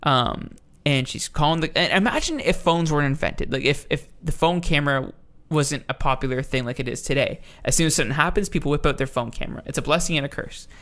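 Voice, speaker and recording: Role: podcast host. Style: casual chat. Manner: heated, profane rant with frequent restarts. Pitch: middling. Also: quick pace, a bit bright. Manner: ranting, profane, with many restarts.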